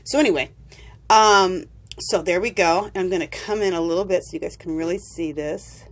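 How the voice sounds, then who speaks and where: A woman's voice: on the low side, normal speed. A woman chatting casually to her viewers while demonstrating a craft, with frequent ums. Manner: chatty, addresses viewers as you guys, many ums. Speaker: craft tutorial host.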